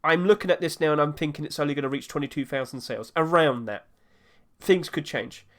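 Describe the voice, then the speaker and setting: Guy rambling about skin prices, kinda high voice, fixes his words as he goes. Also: a little fast. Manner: rambling, self-correcting, chatty. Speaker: gaming market commentator. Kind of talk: casual solo commentary.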